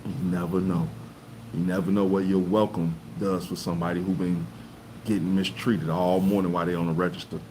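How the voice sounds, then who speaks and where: Man, lowish voice, relaxed storytelling, faint room ambience. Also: a little fast, noisy background. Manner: storytelling, acts out quoted voices with rising pitch. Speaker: podcast co-host. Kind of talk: casual chat.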